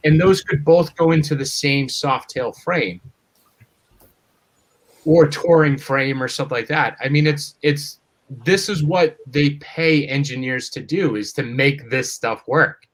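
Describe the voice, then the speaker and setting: Male guest, matter-of-fact explainer, a bit high-pitched, rambling. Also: measured pace. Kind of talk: casual chat.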